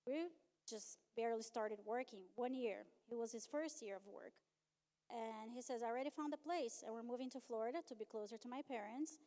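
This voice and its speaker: A middle-aged woman with a somewhat high-pitched voice shares her personal testimony as a conference speaker. She tells it as animated storytelling, acting out the dialogue with her husband and with God.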